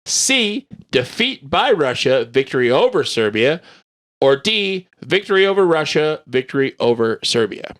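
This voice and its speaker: A man's voice: on the high side, sing-song, fairly bright tone. A man hosting a casual podcast, running a quiz and reading the questions out with jokes in between. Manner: reads quiz questions out slowly, jokey. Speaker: podcast host and quizmaster.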